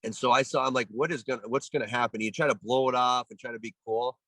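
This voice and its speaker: Man from Canada, 40s, animated interview storyteller, acts out voices, dry close recording. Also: mid-range voice, fast talker, dry recording. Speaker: guest, former pro baseball player.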